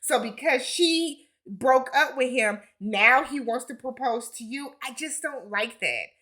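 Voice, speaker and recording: A woman's voice: high voice, lively intonation, unhurried, bright, forceful tone. A woman giving a casual recap of a reality TV episode, with sassy, blunt commentary and slangy asides.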